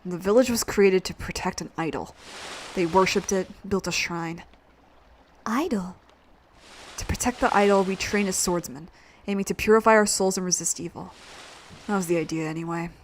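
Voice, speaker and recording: A woman's voice: normal speed, pauses often, a little hiss or hum, close to an everyday voice. A woman doing a brooding young swordsman. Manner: low, subdued, grudging.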